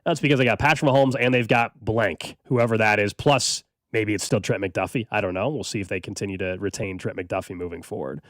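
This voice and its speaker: A male sports radio host chatting quickly in a dry booth. He rambles and restarts his sentences. His delivery stays casual and conversational. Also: fairly low pitch, a bit bright, dry recording. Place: radio studio.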